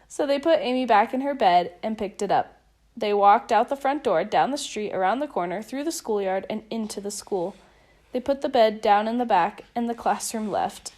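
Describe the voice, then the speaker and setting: A woman reading a children's picture book aloud in a lively, expressive way. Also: medium pitch, moderate pace. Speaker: storybook reader.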